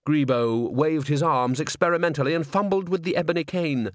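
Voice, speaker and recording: A man narrating a comic fantasy audiobook in a measured, even storytelling manner. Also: fairly high pitch, dry recording, studio quality. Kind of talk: scripted narration.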